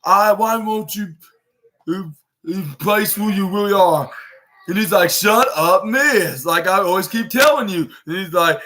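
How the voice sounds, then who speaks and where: Recapping a wrestling show on his podcast, this young host speaks at a normal speed in a high, fairly bright voice. His delivery wanders, with many restarts, and he performs the quotes he repeats.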